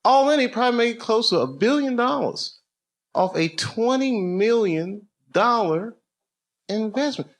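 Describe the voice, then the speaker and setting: A middle-aged man doing a stand-up routine, telling stories in a profane, animated way and slipping into mock voices. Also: very high-pitched, measured pace. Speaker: stand-up comedian. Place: comedy club stage with a laughing audience. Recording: loud audience noise, live club recording.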